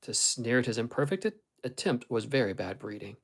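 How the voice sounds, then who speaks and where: A man's voice: mid-range voice, big pitch swings, brisk, vocal fry. Earnest older housekeeper, reproving and firm, as a male reader puts her on.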